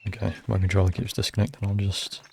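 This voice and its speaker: A man's voice: lowish voice, steady tone, fast talker, gravelly, noisy background. A man streaming a game, chatting casually and muttering to himself as he plays. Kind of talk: casual gameplay commentary.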